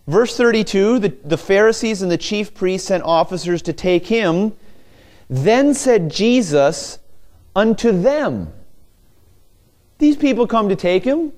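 Lively, animated male preacher. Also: high voice. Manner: animated preaching with rhetorical questions. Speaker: pastor. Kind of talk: sermon.

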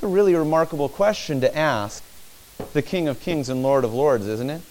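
A man preaching a sermon in church, animated, acting out the disciples' cries as he teaches. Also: on the high side, moderate pace.

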